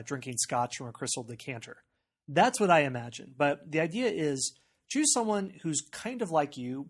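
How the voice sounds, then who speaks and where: A man with a General American accent explains steps in a casual screencast tutorial. He talks in a relaxed way, often saying "uh" and "okay" as he moves through each step. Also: medium pitch. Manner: conversational and explanatory, with frequent "uh" and "okay". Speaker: tutorial presenter.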